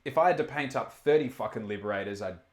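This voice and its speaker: Animated man hosting a stream. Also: lowish voice, fast talker, echoey room, background noise. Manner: animated, swearing, self-interrupting. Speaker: stream host reading chat. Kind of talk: casual chat.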